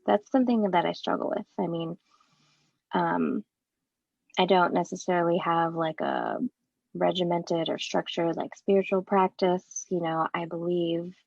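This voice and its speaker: A woman's voice: on the low side, gravelly, darkish tone, no room sound, lo-fi sound. A woman guest, a therapist, speaking reflectively in casual chat with many fillers.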